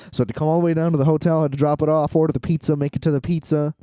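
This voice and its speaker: A man's voice: fairly high pitch, little pitch movement, very fast, warm tone, clean tone, no room sound, studio quality. A tired man rambling in a solo vlog from a hotel room, exasperated, swearing and laughing often. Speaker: vlogger.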